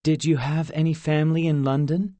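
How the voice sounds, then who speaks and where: A man's voice: a little high, flat delivery, brisk, dark tone, no echo, voice pushed up, lightly acted. A male narrator voicing a kindly, chatty middle-aged aunt asking friendly questions. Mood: curious. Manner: friendly, inquisitive.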